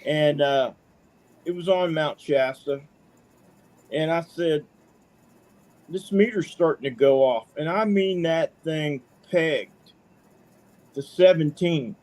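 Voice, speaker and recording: Chatty middle-aged man with a higher voice. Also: slow pace, long pauses, darkish tone. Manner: chatty, folksy, says "man" often. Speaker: caller. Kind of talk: casual storytelling.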